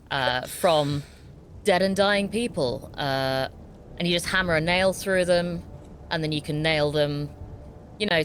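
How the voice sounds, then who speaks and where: A British woman playing a tabletop game, describing her character's actions in a dry, deadpan way. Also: sits low, a little hiss or hum. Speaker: player. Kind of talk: tabletop role-play.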